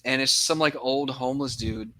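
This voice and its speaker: Young guy podcast cohost, bright voice, dry close sound, rambling yarn full of swearing. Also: medium pitch, normal speed, no echo. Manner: rambling storytelling, heavy swearing. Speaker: podcast co-host. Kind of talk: casual chat.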